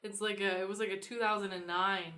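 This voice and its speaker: A woman's voice: mid-range voice, a little fast. A young woman, co-hosting a podcast and animatedly telling a story, swearing freely. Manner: animated, swears freely, acts out quoted voices. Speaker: podcast co-host. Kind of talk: casual storytelling chat. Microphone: podcast microphone.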